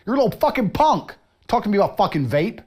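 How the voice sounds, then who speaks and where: A man's voice: high voice, big pitch swings, fast, darkish tone. A man with a boastful, profane and mocking manner, delivering a brash ranting monologue. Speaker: internet personality in viral clips.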